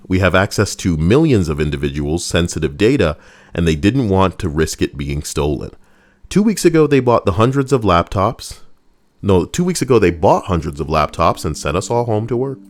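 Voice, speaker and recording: A man hosting a casual reaction stream, talking in a slangy, animated way and swearing freely. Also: sits low. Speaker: streamer host.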